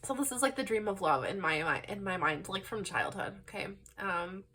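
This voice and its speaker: Young female tarot reader, bright and excitable, rambling casual delivery, faint noise floor. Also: medium pitch, brisk. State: laugh-crying. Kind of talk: casual pick-a-card tarot reading.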